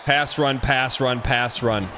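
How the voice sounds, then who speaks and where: A man streaming a football video game, giving excitable running commentary and repeating phrases as he plays. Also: medium pitch, slow pace, soft background music. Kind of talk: live gameplay commentary.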